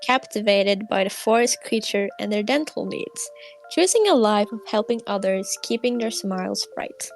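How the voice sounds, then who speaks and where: A woman's voice: medium pitch, moderate pace, faint music behind, low-quality recording. Giggly woman reading a bedtime story. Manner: giggly and a little shy, soft-spoken. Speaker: storybook reader.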